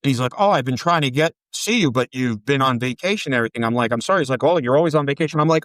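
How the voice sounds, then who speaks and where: A man's voice: medium pitch, very fast, few pauses, no room sound. A man in his forties, a podcast guest, telling rambling, profane stories in a casual chat and acting out the dialogue. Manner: rambling, profane, animated storytelling with quoted dialogue.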